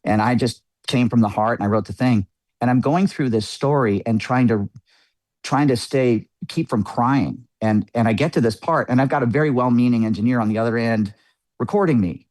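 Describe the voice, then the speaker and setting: A man's voice: medium pitch, normal speed, a little mellow, dry recording. A middle-aged man, a musician guest on a podcast, telling a personal story in an earnest, reflective way. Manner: earnest, reflective, chatty with frequent fillers. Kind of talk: candid interview storytelling.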